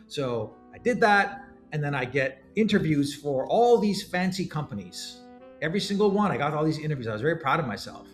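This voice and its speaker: A middle-aged man from Canada telling his story as a startup founder in an interview, animated and often restarting his words. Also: on the high side, a little fast, faint music behind.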